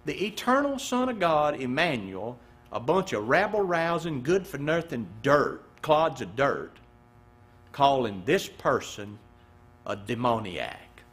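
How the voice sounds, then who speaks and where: A man, a pastor preaching a sermon, firing rhetorical questions and dropping suddenly to a hush. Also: very animated, takes it slowly, slightly rough. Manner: preaching with swooping pitch, rhetorical questions and sudden hushed drops.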